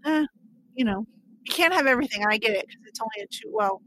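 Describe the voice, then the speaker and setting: A woman co-hosting a casual chat about a book and its movie, telling the story with animated bursts as she acts out characters' lines. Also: high voice, fast talker, poor audio. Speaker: podcast co-host.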